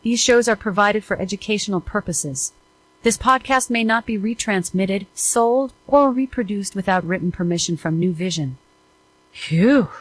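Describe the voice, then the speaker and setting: A woman's voice: mid-range voice, moderate pace, low-quality recording. A text-to-speech woman's voice of a voice assistant, running a quiz in a chirpy scripted way, played from a smart speaker.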